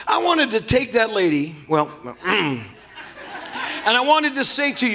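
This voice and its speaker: A man preaches a fiery sermon at a church service, his voice pitched high and ringing bright. He presses each point hard and stumbles into repeated words when he gets worked up. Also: big pitch swings, a little slow. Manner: fiery, emphatic preaching with sudden high bursts. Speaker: pastor.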